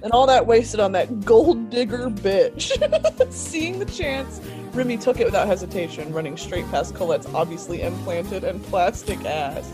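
A woman's voice: medium pitch, big pitch swings, unhurried. Laughing woman guest, music behind. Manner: laughs often, reads with mock intensity. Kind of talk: casual chat and dramatic fan fiction reading.

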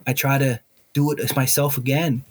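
A middle-aged man telling a candid personal story as an interview guest, blunt and profane, with animated, restless storytelling. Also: mid-range voice, moderate pace.

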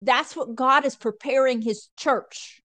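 A woman's voice: sits high, unhurried, pushed and bright. A woman co-hosting a casual Christian talk, speaking with fervent, preacherly affirmations. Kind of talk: casual faith chat.

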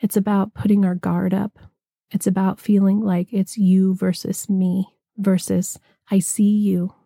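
Woman, spiritual teacher, very mellow dark tone, dry close sound, gentle and unhurried. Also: mid-range voice, level tone, vocal fry, husky, dry recording. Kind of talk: reflective spiritual talk.

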